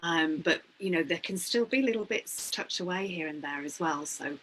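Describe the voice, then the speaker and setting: A woman hosting a spiritual conversation, soft and affirming, reflecting thoughtfully on what her guest says. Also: fairly low pitch, normal speed, slight background noise, low-quality recording. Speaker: host.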